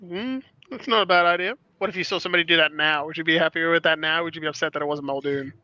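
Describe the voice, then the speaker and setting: Excitable high-voiced man, lo-fi and dry. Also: very fast. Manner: excitable, rambling, laughs often. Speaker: podcast guest. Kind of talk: casual chat. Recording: dull lo-fi dry sound.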